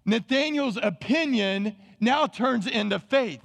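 Pastor, sermon, high gravelly voice, long church reverb. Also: male voice, slow. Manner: animated, calls on the congregation. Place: church sanctuary.

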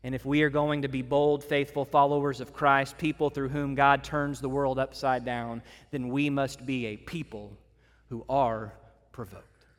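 A man's voice: mid-range voice, level tone, measured pace. A pastor preaching a sermon to his church, earnest and building his points through repeated phrases and lists. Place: church meeting room. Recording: long reverb of a hall.

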